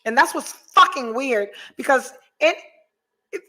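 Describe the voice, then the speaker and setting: A woman's voice: sits high, animated, a little slow, sharp tone. A woman hosting a podcast, chatting casually and telling a story full of profanity while she reads out comments from viewers. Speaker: podcast host. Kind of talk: casual chat with live chat readers.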